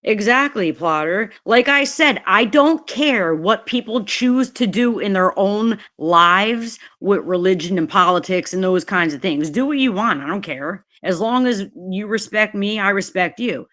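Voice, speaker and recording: A woman vents on a casual livestream. She talks slowly at a middle pitch, swears freely and keeps repeating her angry points. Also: animated, a bit bright. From New Jersey, USA. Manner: angry, profane, repeats herself. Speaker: livestream host.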